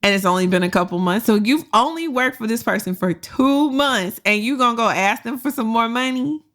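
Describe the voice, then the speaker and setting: Lively, frank woman podcast host. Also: a little high, fairly quick. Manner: animated, frank, slangy and profane, laughs often. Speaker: podcast host and career coach. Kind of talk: casual storytelling advice.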